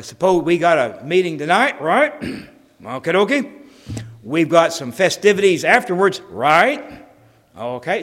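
Pastor, folksy sermon delivery, animated, long hall reverb. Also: male voice, high-pitched. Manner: folksy, jokey, acts out conversations.

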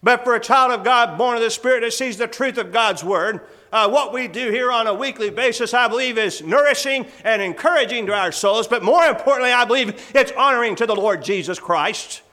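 A man's voice: very high voice, fairly quick, pushed and bright. A man preaching a sermon to his congregation, reading scripture in old English and building to earnest, fervent emphasis.

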